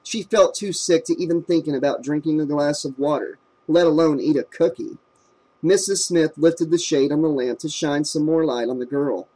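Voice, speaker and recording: A man narrating a horror novel in a steady, measured reading voice. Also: fairly high pitch. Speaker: audiobook narrator. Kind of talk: scripted narration.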